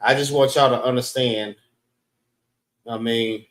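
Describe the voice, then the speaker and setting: A man teaching a class in a slow, repeating way, often saying "all right" and sounding out words. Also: medium pitch, fairly even intonation, fairly bright tone. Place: class room in a library. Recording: roomy echo, voice from far off the mic.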